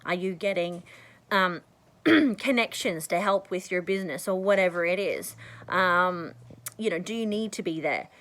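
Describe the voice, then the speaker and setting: A woman vlogger giving casual advice to the camera, rambling and chatty, often clearing her throat. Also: unhurried, rough recording. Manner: bursts into high excited tones when acting out conversations.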